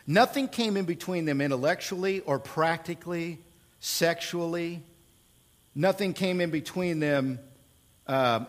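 A man pastor preaching a sermon, swinging from hushed, low moments to loud, emphatic passages and asking the room for a response.

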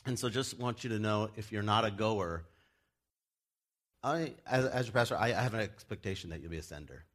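A man who is a pastor, preaching a casual, joking sermon in a church and acting out the people he quotes. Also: a little fast. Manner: chatty and joking, acts out quoted people in loud high voices.

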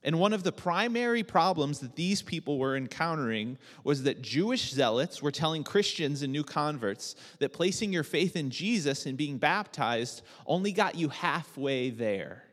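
A man preaching a sermon as pastor, relaxed and joking, with many fillers and restarts. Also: a little high, normal speed, few pauses, big-room sound.

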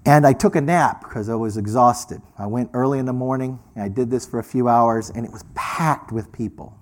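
A man preaching, telling a personal story with lively delivery and acting out the voices of people he met. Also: medium pitch, brisk. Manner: animated storyteller, acts out quoted voices. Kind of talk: sermon storytelling.

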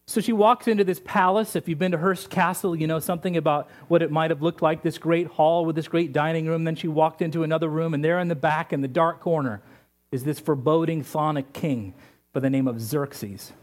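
A man's voice: fairly high pitch, fairly quick. A male pastor preaching a sermon, retelling a story with humorous asides.

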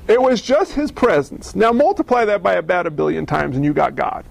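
A man preaching a sermon, telling stories in a conversational, animated way and asking the audience questions. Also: sits high, brisk, gravelly, few pauses. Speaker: pastor.

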